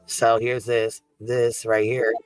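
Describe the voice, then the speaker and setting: A foul-mouthed male streamer who keeps breaking into laughter mid-sentence. His voice sits at an ordinary middle pitch. It sounds dry and close, with faint music underneath. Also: completely flat delivery, slow, smooth, no echo, rough recording. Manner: profane, laughing through his words. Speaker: live streamer. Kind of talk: casual streaming commentary.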